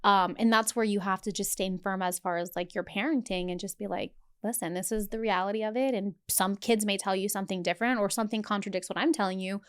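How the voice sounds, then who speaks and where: A woman co-hosting a parenting podcast, her voice mid-pitched. She tells stories in an animated way and acts out the lines of each person in them. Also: quick pace, hardly any pauses, clean tone. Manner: animated storytelling, acts out dialogue. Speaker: podcast co-host. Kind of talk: casual chat.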